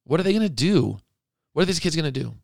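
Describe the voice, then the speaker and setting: A man's voice: fairly high pitch, big pitch swings, quick pace, vocal fry, darkish tone, dry recording, clean studio sound. Impassioned man pleading on a podcast. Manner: indignant, emotional, pleading. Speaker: podcast host. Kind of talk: impassioned monologue.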